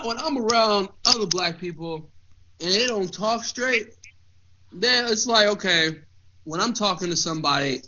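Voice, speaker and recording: A man with a high voice that rises and falls widely co-hosts a podcast chat. He talks emphatically and sounds indignant. The lo-fi recording carries a steady hiss. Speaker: co-host. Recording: dull lo-fi with clear hiss.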